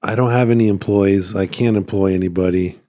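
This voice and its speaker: A man vlogging about his small business in a rambling, relaxed way, his voice a little worn. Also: sits low, a little fast. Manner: rambling, relaxed, lots of fillers and restarts. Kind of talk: casual talking-head vlog. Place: at home by his computer. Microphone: phone.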